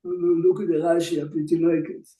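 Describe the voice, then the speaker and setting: A man in a Talmud study session who reads the Hebrew text in rapid singsong bursts, hesitating and repeating words as he checks his understanding. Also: fairly high pitch, level tone, warm tone, echoey room, faint music behind, low-quality recording. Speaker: study partner.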